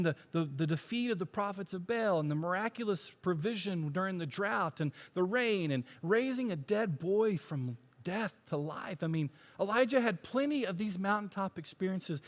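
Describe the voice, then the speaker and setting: A male pastor giving a sermon, climbing to emphatic peaks and dropping to near whispers. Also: fairly high pitch.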